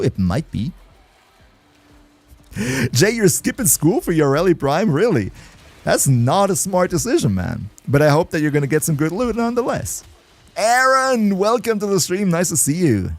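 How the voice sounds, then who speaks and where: A male game streamer talking casually over his gameplay, keeping up a running chat with his viewers and laughing easily. His voice sits at an ordinary middle pitch. The sound is close and dry, with no room echo. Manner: chatty, laughs often, greets and answers chat. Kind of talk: casual livestream gameplay commentary.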